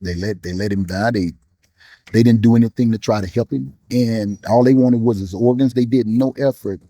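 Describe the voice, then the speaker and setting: A man in an interview speaks with grief about his loss, earnest and preacherly, repeating himself as he searches for words. His voice is warm and mellow, and the sound is dry and close. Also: lowish voice, fairly even intonation, no room sound. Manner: earnest, preacherly, with pauses and repetitions. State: grieving. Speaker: guest musician and bishop. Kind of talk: emotional interview talk.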